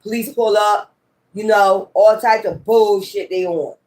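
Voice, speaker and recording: A woman's voice: mid-range voice, fairly even intonation, measured pace, a little mellow. A woman tarot reader in a casual ranting monologue. She talks emphatically, swears and repeats her points. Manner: emphatic, profane and repetitive.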